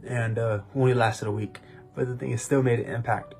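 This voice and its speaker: A man's voice: medium pitch, fairly even intonation, brisk, creaky, darkish tone, faint music behind. Young man telling a rambling testimony. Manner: rambling storytelling with restarts. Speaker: podcast co-host. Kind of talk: personal testimony, casual chat.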